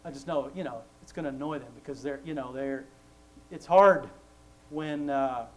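A man's voice: medium pitch, moderate pace, a little mellow, poor audio. A man sharing faith thoughts in a casual, chatty way, laughing often between points. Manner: chatty storytelling, laughs often, acts out quoted voices.

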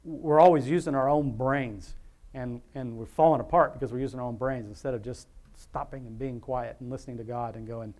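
A man's voice: mid-range voice, steady tone, brisk, a little mellow. A man preaching an informal sermon in a rambling, conversational way, often chuckling as he talks.

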